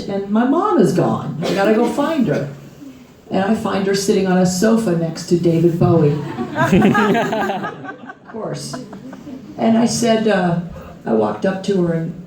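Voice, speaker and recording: A woman's voice: mid-range voice, animated, moderate pace, recorded from a distance. Woman, middle-aged, storyteller, laughs a lot, echoey room, faint hum behind. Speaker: author at a book launch. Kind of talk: storytelling talk on stage. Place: music venue before a live crowd.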